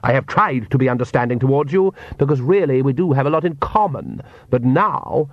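A man voicing a suave, menacing vampire count who mocks his foes in a smooth, drawn-out way, in an audiobook. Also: medium pitch, animated, no echo. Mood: mocking. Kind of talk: audiobook character voice. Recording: dull, dry lo-fi recording.

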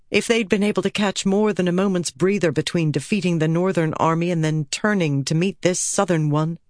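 A woman narrating a fantasy novel in an even, measured audiobook reading. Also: on the low side, dry recording, clean studio sound.

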